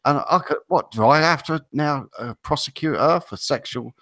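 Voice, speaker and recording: Speaking at a moderate pace in a slightly high voice, an English-accented co-host tells long, rambling stories on a casual talk show, animated throughout the banter.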